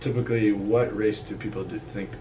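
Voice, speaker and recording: A man from Ethiopia talks casually, lively as he acts out the people in his stories. He sounds roomy and a little distant, recorded in a hotel lobby. A faint hum of noise sits behind him. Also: fairly low pitch, fairly quick, muffled recording. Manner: animated storyteller, acts out quoted people. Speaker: discussion guest. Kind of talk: casual chat.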